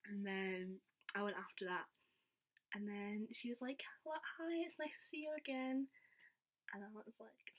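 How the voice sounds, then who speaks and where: Young woman vlogger, chatty and giggly, casual storytelling. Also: mid-range voice. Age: young adult. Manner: chatty, giggly, says "like" a lot.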